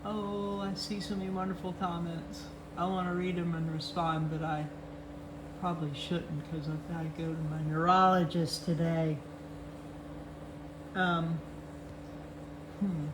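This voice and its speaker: A woman's voice: on the low side, little pitch movement, measured pace, pauses often, background noise. An older woman hosting a show, chatting casually and cheerfully as she goes over charts. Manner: chatty, cheerful, talks sweetly to her cats. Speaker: host of a chart update show. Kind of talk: casual chat reviewing charts.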